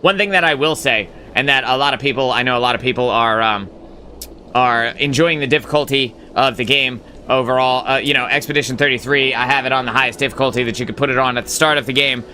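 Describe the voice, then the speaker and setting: A man's voice: medium pitch, fast talker, bright, forceful tone, slight background noise. A man hosting a live gaming stream, talking casually in a rambling, filler-heavy way, blunt and sometimes profane as he answers chat.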